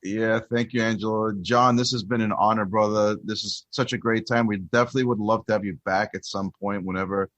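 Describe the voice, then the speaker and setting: Lower-voiced man asking questions, dull audio. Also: steady tone, fairly quick, few pauses, a bit bright, no room sound. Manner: friendly, asks questions with fillers. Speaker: podcast co-host. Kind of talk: casual podcast interview.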